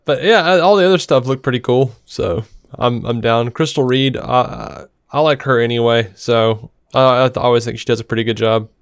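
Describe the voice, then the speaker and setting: A man's voice: mid-range voice, moderate pace, vocal fry, hardly any pauses, clean tone, no room sound, studio quality. A man co-hosting a podcast, chatting casually, blunt and sarcastic, often laughing. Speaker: podcast co-host. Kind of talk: casual chat.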